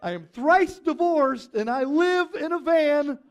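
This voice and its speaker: A man doing an impression of a manic, shouting middle-aged motivational speaker, in an over-the-top delivery. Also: very high voice, animated, unhurried, pitched above the performer's own voice.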